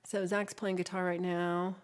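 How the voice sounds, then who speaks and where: A woman's voice: on the low side, little pitch movement, a little slow, clean tone. A woman hosting a casual livestream, chatting with viewers and reading their messages aloud, with frequent ums. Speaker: livestream host.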